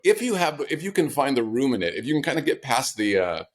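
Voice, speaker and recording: A man's voice: medium pitch, big pitch swings, fast. A man, the author guest in an interview, telling personal stories in a reflective, conversational way with flashes of wry humor.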